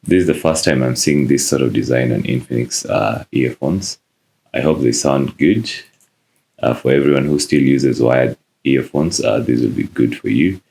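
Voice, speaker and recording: A man narrating a phone unboxing in a casual, relaxed way, with frequent "uh" fillers. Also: rumbling low, normal speed, creaky. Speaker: tech reviewer.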